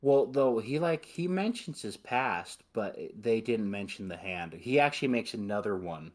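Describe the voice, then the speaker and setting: A young man on a podcast, chatting excitedly about a movie, swearing a lot and acting out lines from it. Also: fairly low pitch, normal speed. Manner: excited, profane, quotes movie lines in put-on voices. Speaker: podcast host. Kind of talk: casual movie chat.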